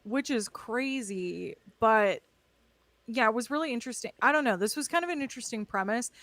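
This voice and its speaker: A woman's voice: on the high side, lively intonation, fairly quick, fairly bright tone, no echo. Woman from wisconsin w a faint accent, chatty and giggly, dry close sound. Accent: light Wisconsin. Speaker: podcast co-host. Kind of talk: casual chat about a TV show.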